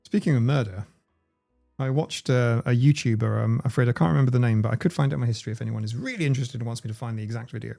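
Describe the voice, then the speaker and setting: A man's voice: mid-range voice, quick pace, creaky, mellow, faint music behind. A man hosting a casual livestream, rambling, swearing freely and reading the chat aloud. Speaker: livestream host.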